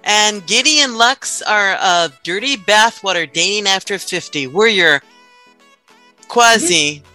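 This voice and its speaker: A woman in her fifties co-hosting a dating podcast, telling stories in an animated, chatty way and laughing often. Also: mid-range voice, unhurried, soft background music, rough recording. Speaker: podcast co-host. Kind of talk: casual chat.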